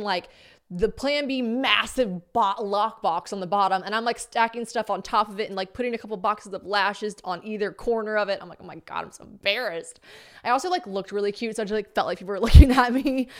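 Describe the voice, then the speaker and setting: A podcast host in her thirties, speaking at a medium pitch, tells a story in a casual way, acting out her own thoughts in exaggerated voices.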